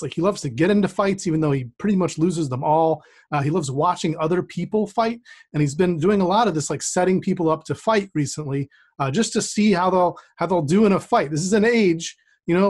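A man telling a personal story on a streamed storytelling show, chatty and self-deprecating, with many restarts. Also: on the high side. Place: remote setup with a rained-on playground backdrop.

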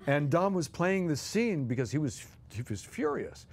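A man with a slightly high voice and moderate pace guest co-hosts a podcast. He tells anecdotes animatedly, chuckling as he goes and acting out voices.

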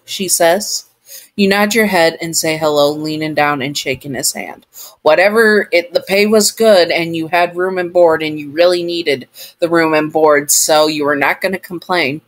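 A woman's voice: deep voice, a little slow. A woman narrating a second-person fan fiction story in a rambling way, correcting herself as she goes.

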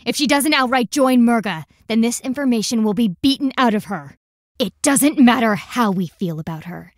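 A woman's voice: fairly high pitch, expressive, normal speed, no echo, clean studio sound, close to an everyday voice. A woman voicing a stern young warrior who talks in a formal, clipped and severe way, in a video game. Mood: accusing.

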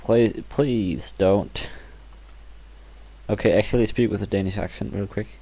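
A young man teasing his friend in casual gaming chat, playful and drawn-out. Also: on the low side, gravelly, mellow.

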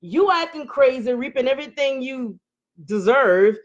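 Animated woman live-streaming. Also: high voice, normal speed, lo-fi sound. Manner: animated, laughing, emotional outbursts, Southern Black vernacular phrasing. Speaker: live-stream host reading viewer comments. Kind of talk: casual live-stream chat.

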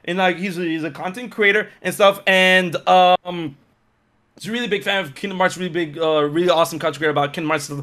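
A man who streams and makes videos tells a casual story, animatedly acting out what other people said and filling his speech with "uh" and "like.". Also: high voice. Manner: animated, acts out other people's lines in quotes, many fillers. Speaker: streamer and content creator.

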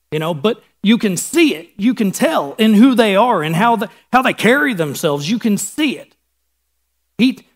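Pastor, male, Midwestern American accent, high voice, chatty sermon delivery that slips into voices for the Bible scenes. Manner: conversational, acts out Bible scenes in casual voices.

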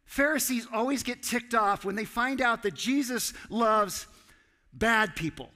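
A man preaching a sermon as pastor, animated and acting out dialogue with sudden loud outbursts. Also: very high voice, measured pace. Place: church sanctuary. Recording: church hall with long reverb.

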